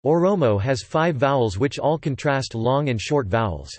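A man's voice: medium pitch, moderate pace, dry recording. Dry synthetic male reading voice. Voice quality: flat, even machine reading. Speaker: text-to-speech reader. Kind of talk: synthetic encyclopedia narration. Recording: dry, close synthetic audio.

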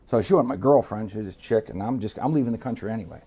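Talking very fast in a low, slightly rough voice, a middle-aged Miami man recounts a story as an interview guest. It's casual, profane, and streetwise, and he performs the other people's voices with animated flair.

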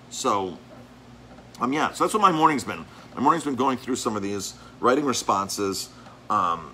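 A man, a restaurant owner and chef, talking casually and telling animated stories about difficult customers, often repeating words and acting out the arguments. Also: lowish voice, a little hiss or hum. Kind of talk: casual vlog monologue. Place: his restaurant.

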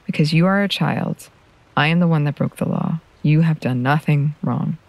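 A woman reading a story, voicing a protective mother who speaks calmly and firmly. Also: low-pitched, normal speed, vocal fry, no room sound. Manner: calm, firm delivery. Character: protective mother, firm but gentle.

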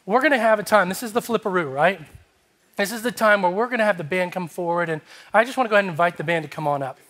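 A male pastor preaching a sermon, telling a lively story and acting out its dialogue before moving into an appeal. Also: sits high, fast. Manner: animated, acts out dialogue in his story. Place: church sanctuary.

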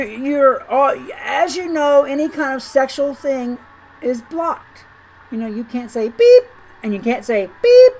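A woman's voice: a little high, darkish tone, a little hiss or hum, poor audio. A woman making a chatty gaming video, talking in an incredulous, rambling way and often repeating her words. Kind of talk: chatty commentary over gameplay.

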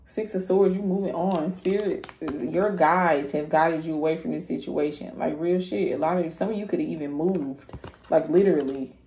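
A woman's voice: deep voice, moderate pace, echoey room, a little hiss or hum. Blunt, cussing woman reading tarot. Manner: blunt, profane, animated. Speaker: tarot reader.

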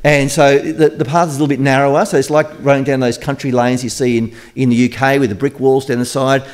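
A man's voice: mid-range voice, flat delivery, fast. A man preaching a conversational sermon, retelling a story in a chatty, joking way.

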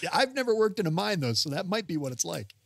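A man's voice: sits high, very animated, quick pace, gravelly, fairly bright tone, no room sound. A man from Detroit, a guest on a film podcast, chatting in an upbeat, encouraging and teasing way. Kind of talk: casual film chat.

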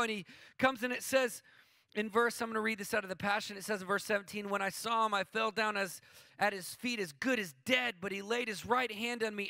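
Bright, high-voiced man preaching casually. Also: gravelly, no echo. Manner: casual, excitable preaching with slangy asides and many restarts. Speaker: worship leader preaching. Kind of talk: sermon. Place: church.

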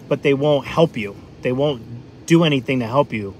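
A man's voice: medium pitch, normal speed, slight background noise. Chatty New man on a livestream. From New England. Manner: rambling, chatty, lots of fillers. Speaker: livestream food vlogger. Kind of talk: casual live-stream chat.

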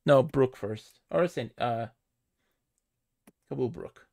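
A man's voice: medium pitch, slow, gravelly, darkish tone, no room sound, clean studio sound. A man streaming a text adventure, thinking aloud with lots of hesitation and wry jokes. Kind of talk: casual chat while playing a game.

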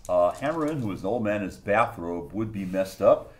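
A man narrating a tabletop game as game master, animated, with spoken sound effects. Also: lowish voice, brisk. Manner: animated, laughing often, sound effects like "blam".

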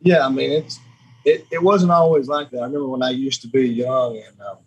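A man's voice: medium pitch, steady tone, a little fast, slightly rough, dull audio. A man, a podcast guest telling stories in a rambling, chatty way. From Alabama. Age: 30s. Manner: rambling, repeats words, laughs often. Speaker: podcast guest, sheriff's lieutenant. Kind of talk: casual storytelling chat.

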